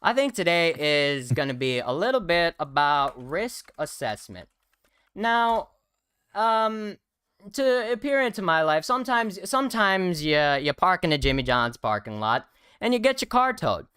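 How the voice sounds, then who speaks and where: A man's voice: fairly high pitch, sing-song, measured pace, bright, forceful tone, smooth, no echo. A young man co-hosting a casual livestream, joking and rambling with lots of fillers. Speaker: co-host.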